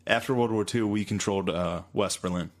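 A man's voice: lowish voice, a little fast. A man co-hosting a podcast, teasing his partner with dry, profane jokes in casual banter. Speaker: podcast co-host.

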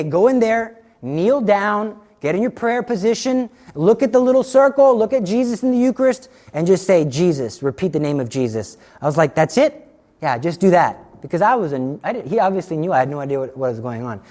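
A middle-aged man giving a sermon, telling a story with lively acted-out dialogue. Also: sits high, a little fast. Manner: animated storytelling, acts out dialogue. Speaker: Catholic speaker.

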